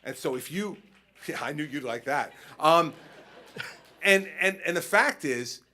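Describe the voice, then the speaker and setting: Responding to a question at a conference, a man who is state governor launches into lively stories, performing his conversations with people. He speaks at a measured pace in a slightly high voice.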